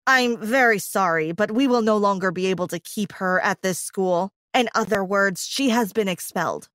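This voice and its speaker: A woman's voice: mid-range voice, normal speed, a bit bright, no echo, clean studio sound, voice pushed down, lightly acted. A woman voicing a formal middle-aged male school principal, grave and official.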